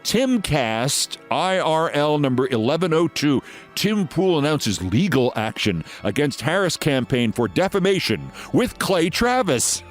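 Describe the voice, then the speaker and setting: A man's voice: on the high side, sing-song, slow, faint music behind. A man from New York, hosting a scripted political commentary show in a sarcastic, theatrical manner. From New York, USA.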